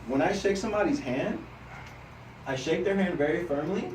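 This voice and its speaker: An energetic man coaches a group of salespeople in a room, his voice sitting a little higher than most men's. He is heard from some distance, with a roomy echo and a faint hum of the space behind him. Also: moderate pace. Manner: energetic, coaching, often asks the group "right?". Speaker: sales team trainer. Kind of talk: live training talk to a group.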